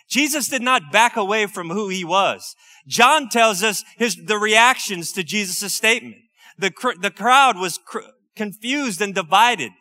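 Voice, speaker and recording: Preacher guy, high bright voice, chatty sermon with little asides. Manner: conversational preaching with asides and laughs. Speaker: pastor.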